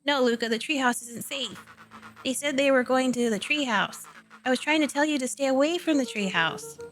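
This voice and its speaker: Brief: nervous young boy friend, played by a woman, hurried and warning. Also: sits high, a bit bright, soft background music.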